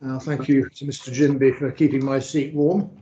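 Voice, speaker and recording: Chatty northern English advocate on a call. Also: male voice, mid-range voice, level tone, moderate pace, warm tone. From northern England. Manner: chatty, jokey, stumbling restarts. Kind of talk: hearing banter. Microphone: video call. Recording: dull lo-fi video call with faint noise.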